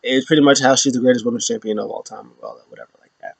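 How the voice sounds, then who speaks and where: A man casually recapping a wrestling show alone, rambling with lots of fillers and slipping into high voices for quotes. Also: very animated, racing, creaky, breathy edge, no room sound.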